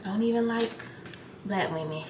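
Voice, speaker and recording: Young woman, casual get-ready chat, blunt, profane, animated storytelling, echoey room, faint background noise. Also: medium pitch, normal speed. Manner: blunt, profane, animated retelling with acted-out quotes. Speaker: beauty vlogger.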